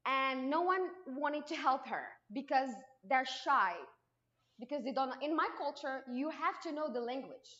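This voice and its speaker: Woman, Moroccan accent, Arabic native speaker, personal church testimony, lively storytelling, muffled lo-fi sound. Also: sits high, normal speed. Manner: lively storytelling with frequent restarts and acted quotes. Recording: dull lo-fi sound.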